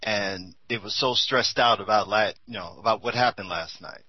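A man's voice: lowish voice, normal speed, breathy edge, no room sound, lo-fi sound. A tired man talking candidly and casually, rambling with many fillers. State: tired and a bit high. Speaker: commentator on a talk show.

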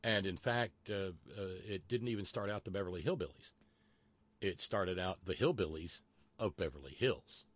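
A man's voice: low-pitched, moderate pace, no room sound. A man hosting a call-in radio talk show, chatty and rambling with many fillers and restarts, and wry asides.

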